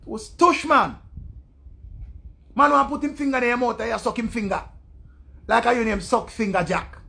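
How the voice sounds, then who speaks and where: Ranting Jamaican man, gravelly and high. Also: brisk. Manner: loud, profane patois rant, mimicking voices. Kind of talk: ranting commentary.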